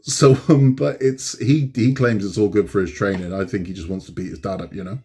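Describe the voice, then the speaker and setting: Casting note: middle-aged man, lowish voice, easygoing host who chats and rambles. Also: fairly even intonation, fairly quick, a little mellow. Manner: chatty, rambling, laughing often. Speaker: channel host. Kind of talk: casual chat.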